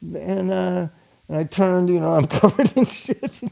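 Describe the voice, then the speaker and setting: A man's voice: high-pitched, moderate pace, vocal fry, darkish tone. A man telling a long, rambling story in casual chat, laughing often and swearing freely.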